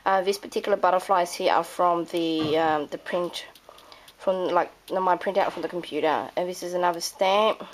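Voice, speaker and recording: Croaky Australian woman with a cold. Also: fairly low pitch, steady tone, normal speed. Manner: chatty, rambling with many ums. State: hoarse from a cold. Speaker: crafting vlogger. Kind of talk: casual craft show-and-tell.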